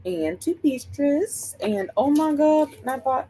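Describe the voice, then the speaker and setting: A woman's voice: high voice, lively intonation, slow, noisy background. A woman hosting a book livestream, chatting casually and rambling while she greets viewers by name.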